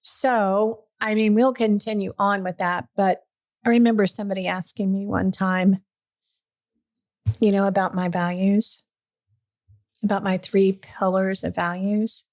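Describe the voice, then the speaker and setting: A middle-aged woman hosting a podcast, telling a personal story in casual chat, lively and earnest, at times emotional. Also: mid-range voice, unhurried. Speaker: podcast host.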